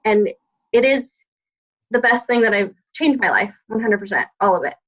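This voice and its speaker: The speaker is a woman coach on a group call, casually and emotionally sharing her weekend with her team in a gushing, heartfelt way full of "like." Her voice is medium in pitch and a bit bright, moving at a normal speed, over dull lo-fi call audio.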